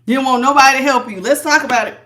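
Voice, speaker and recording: A middle-aged woman giving a casual tarot reading to her viewers, animated and laughing, calling them honey and baby. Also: high voice, fast. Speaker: tarot reader.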